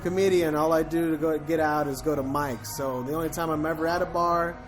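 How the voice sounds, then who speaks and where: A man's voice: on the high side, steady tone, brisk. A man being interviewed as a comedian in a dive bar, chatting in an easygoing, casual way. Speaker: comedian and guest. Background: music.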